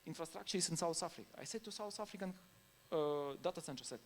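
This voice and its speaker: A man addresses a conference in non-native English, keeping things anecdotal and relaxed and laughing at times between points. His voice is on the high side, and he talks fast with few pauses.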